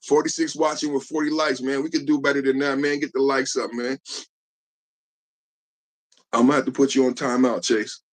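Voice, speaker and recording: A man's voice: medium pitch, flat delivery, moderate pace, long pauses. A man hosting a live podcast, talking loosely and joking with viewers, tacking "man" onto his lines. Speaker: podcast host. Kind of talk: casual live-stream chat.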